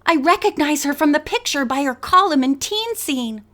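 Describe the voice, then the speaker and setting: A woman's voice: sits high, expressive, moderate pace, a bit bright, voice pushed up. Gushing teen girl, as a woman reader puts her on. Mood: excited. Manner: breathless, gushing. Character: excitable teen girl, boy-crazy fashion fan.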